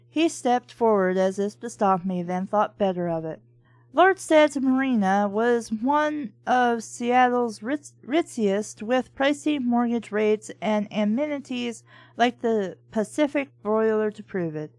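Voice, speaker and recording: A woman reads a novel aloud, stopping often to mock it with sarcastic, swearing asides. Her voice is a little high-pitched, and the recording is dry and close with no room echo. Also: lively intonation, unhurried. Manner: sarcastic, profane, mocking. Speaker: book reviewer and reader. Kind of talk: sarcastic comedic read-along commentary.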